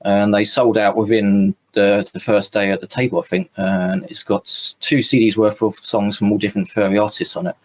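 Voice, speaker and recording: A man's voice: fairly low pitch, little pitch movement, darkish tone, slight background noise. A man from the United Kingdom, chatting eagerly on a podcast. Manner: quick, chatty, plugging things eagerly. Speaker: podcast co-host. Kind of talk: casual group chat.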